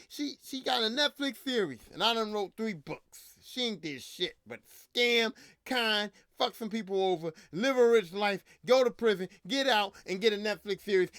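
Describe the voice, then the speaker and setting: A man's voice: high-pitched, fairly bright tone, no echo, studio quality. A man hosting a podcast, ranting in casual, profane, slangy talk, repeating himself, a little drunk. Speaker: podcast host.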